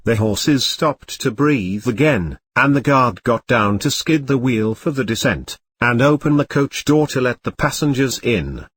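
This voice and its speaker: A man reading a classic novel aloud as an audiobook narrator, even reading punctuation and chapter numbers. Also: mid-range voice, a little slow, few pauses, slightly rough, dry recording.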